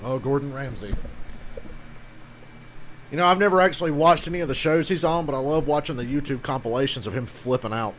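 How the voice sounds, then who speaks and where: A man's voice: medium pitch, brisk, pauses often, a little hiss or hum. A man hosting a live race reaction stream, talking casually and bluntly, swearing often as he rants.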